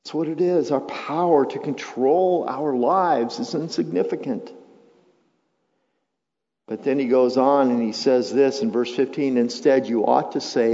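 A man delivers a sermon in a church sanctuary. He drops to quiet, reflective stretches and then climbs into loud, emphatic runs. His voice sits mid-pitch and rings with long hall reverb, captured on a slightly muffled recording. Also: measured pace. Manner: swings between quiet reflection and loud emphatic build-ups. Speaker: pastor.

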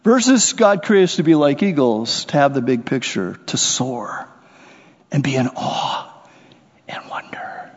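Guy preaching in a big echoey hall, kinda husky, high voice, does little voices for his stories. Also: moderate pace. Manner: animated, acts out little scenes and voices. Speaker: pastor. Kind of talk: sermon. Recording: muffled sound with long hall reverb.

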